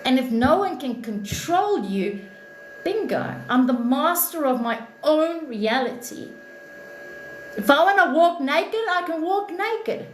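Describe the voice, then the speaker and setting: Brief: woman livestream host with a very high voice, blunt and profane and preachy, recorded in a roomy, echoey space. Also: sing-song, slow pace. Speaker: live stream host, spiritual reader. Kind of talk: impassioned livestream monologue. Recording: echoey room with faint noise.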